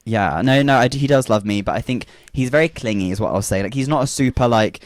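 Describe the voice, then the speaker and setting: Camp young guy telling a story fast, dry close mic. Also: mid-range voice, no echo. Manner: camp, animated storyteller, quotes others in voices, laughs often. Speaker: podcast co-host. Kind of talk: casual chat, storytelling.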